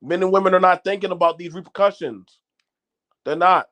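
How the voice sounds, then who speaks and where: A man's voice: high-pitched, fairly quick, fairly bright tone. A middle-aged man hosting his own channel, talking straight to viewers in a blunt, swearing way, repeating words and restarting his lines. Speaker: channel host. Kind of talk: unscripted commentary to viewers.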